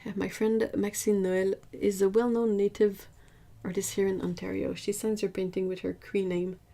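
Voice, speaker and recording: A woman hosting an art livestream, chatting casually with viewers, emphatic and lively. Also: mid-range voice, moderate pace, creaky. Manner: chatty, answers viewers' chat.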